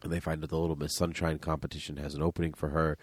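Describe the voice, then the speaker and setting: Low-voiced joking man hosting a podcast. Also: little pitch movement, slightly rough, no echo, clean studio sound. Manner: playful, teasing, quick to joke. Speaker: podcast host. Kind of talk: casual podcast chat.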